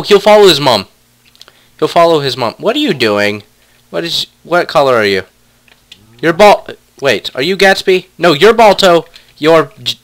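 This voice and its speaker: A man's voice: a little high, a bit bright. A young man casually commentating a block-building game, playfully talking to his pet wolves. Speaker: let's play gamer.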